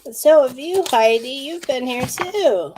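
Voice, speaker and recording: A woman's voice: high voice, lively intonation, a little slow, a little mellow, slight background noise. A wheezy woman in her fifties giving a live card reading, speaking intuitively to viewers by name. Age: 50s. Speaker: tarot card reader.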